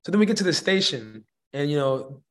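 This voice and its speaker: A man, a musician guest, telling a story in a slangy, rambling and animated way. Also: fairly high pitch, brisk. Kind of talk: casual storytelling.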